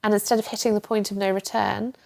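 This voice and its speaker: A woman's voice: medium pitch, flat delivery, fast talker, gravelly, a little mellow. A young woman, a guest, candidly telling her own story in a reflective, open way. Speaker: guest, journalist and coach. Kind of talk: candid personal interview.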